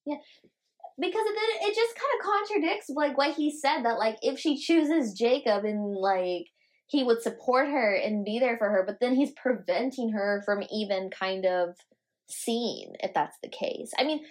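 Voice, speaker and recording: Higher-voiced young woman co-host. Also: animated. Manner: quick reactions, laughs while talking. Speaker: podcast co-host. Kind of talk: casual chat.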